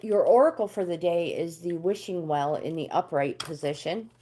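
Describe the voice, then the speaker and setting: A woman's voice: fairly low pitch, moderate pace, dark tone. An older woman hosting a casual livestream, chatting with viewers and reading tarot card meanings aloud.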